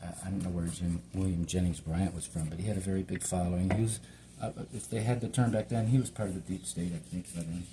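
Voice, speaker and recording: A man's voice: low voice, steady tone, quick pace, background noise. A middle-aged man from Hawaii chatting in a meandering, casual way while cooking, talking to himself as he works. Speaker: home cook and channel host. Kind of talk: rambling casual cooking vlog.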